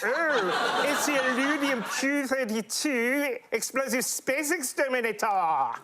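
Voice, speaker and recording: A man's voice: extremely high pitch, animated, takes it slowly. A man, a teacher competing on a TV quiz, chatting in a jokey, self-deprecating way. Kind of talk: casual banter on a TV quiz. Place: TV studio before a live audience. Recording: TV studio, loud audience and noise.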